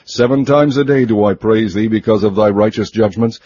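Low, mellow man reading scripture. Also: breathy edge, no echo. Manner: measured, even, solemn recitation. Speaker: scripture reader. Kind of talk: steady scripted Bible reading. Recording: muffled lo-fi recording.

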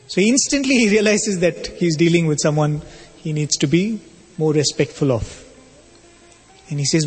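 A man giving a spiritual talk, telling a story in a measured, explanatory way. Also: high-pitched, expressive, breathy edge, soft background music. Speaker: spiritual speaker. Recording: long reverb of a hall.

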